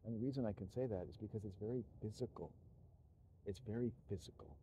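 A man with a low, mellow voice talks in a loose, rambling monologue. He keeps restarting his sentences and chuckling to himself as he meanders. A faint hiss of background noise sits under the recording. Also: fast.

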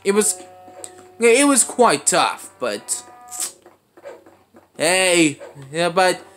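A young man giving let's play commentary, excitable and often breaking into panicked high shouts. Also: extremely slow, faint music behind. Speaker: gaming channel host.

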